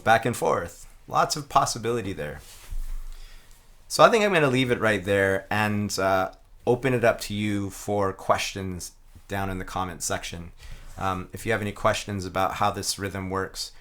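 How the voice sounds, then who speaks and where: Male instructor, lowish voice, thoughtful and easygoing, talks through technique step by step. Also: moderate pace. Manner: relaxed, reflective, chanting rhythm syllables aloud. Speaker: didgeridoo teacher. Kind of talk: explaining a playing technique.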